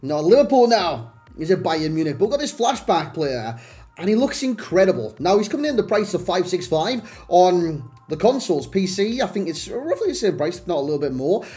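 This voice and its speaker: High-voiced chatty man reviewing a game. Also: sing-song, fairly quick, dark tone, soft background music. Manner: chatty, self-deprecating, rambling with restarts. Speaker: gaming channel host. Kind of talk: casual game review commentary.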